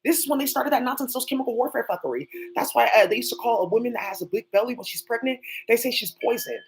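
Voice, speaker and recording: A channel host with a voice on the high side rambles quickly through an off-the-cuff monologue, cursing and addressing absent people. The recording is low quality, with slight background noise.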